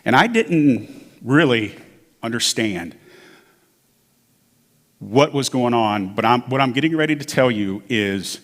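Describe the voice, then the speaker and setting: A man's voice: medium pitch, expressive, slow, long pauses. A man from the United States giving a conversational personal testimony to a church congregation, acting out the voices of people in his story. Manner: conversational storytelling, acts out quoted dialogue. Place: church sanctuary. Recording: long hall reverb from a church sanctuary.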